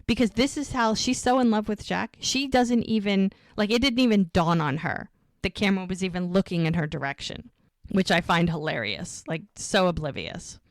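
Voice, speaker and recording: A woman co-hosts a rewatch podcast, casually recapping a TV episode scene by scene with plenty of "like" and "she goes." Her mid-range voice has lively intonation at a normal speed, recorded with studio quality and no room sound.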